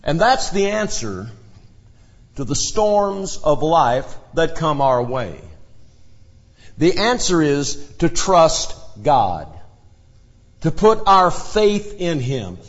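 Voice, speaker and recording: A man's voice: on the high side, very animated, slow. A man preaching an expository sermon, teaching from Bible passages with dramatic shifts in emphasis. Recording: dull lo-fi sound with long hall reverb.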